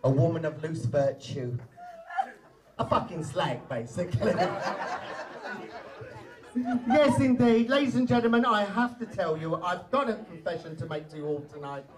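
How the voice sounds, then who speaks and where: A man's voice: sing-song, moderate pace, pauses often, crowd noise. A man doing brassy, bawdy, camp stand-up comedy as a drag performer in a live venue. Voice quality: brassy, bawdy and camp, with big swoops up into falsetto. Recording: distant live-venue mic.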